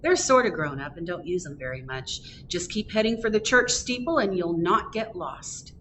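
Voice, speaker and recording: Gentle, helpful little girl, soft-spoken, read by a woman storyteller. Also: fairly low pitch, expressive, moderate pace, a little hiss or hum. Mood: kind. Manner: gentle, reassuring.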